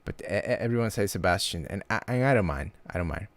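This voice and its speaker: A man chatting casually on a livestream, halting and restarting his words often. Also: deep voice, lively intonation. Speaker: livestream host.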